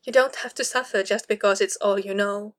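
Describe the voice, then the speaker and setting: A woman voicing a patient, gentle young male hero who speaks softly, in an audiobook reading. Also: medium pitch, fairly even intonation, brisk, natural voice. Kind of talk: audiobook reading of fan fiction.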